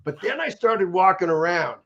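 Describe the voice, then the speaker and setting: A middle-aged man telling his story as a stroke survivor in an energetic, candid interview, often repeating words as he starts sentences. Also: sits high, normal speed. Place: in Los Angeles area. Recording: muffled lo-fi audio.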